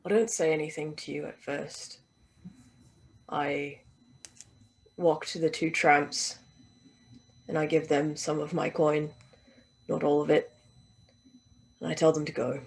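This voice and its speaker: A man playing in a tabletop role-playing game, calmly describing in the first person what his character does. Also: a little high, unhurried, vocal fry, long pauses, rough recording. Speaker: player.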